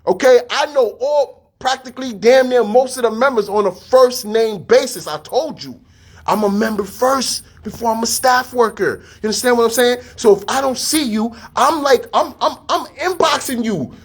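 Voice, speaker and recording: A man giving a casual motivational talk, energetic and full of street slang, repeating his phrases. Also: very high-pitched, moderate pace, husky. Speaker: fitness studio staff and podcast host.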